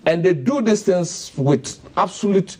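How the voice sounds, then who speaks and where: A man's voice: high voice, expressive, a little slow, a little mellow. A man with a Ghanaian English accent, giving indignant, impassioned commentary as a radio panelist and firing off rhetorical questions in a studio. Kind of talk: heated radio talk-show commentary.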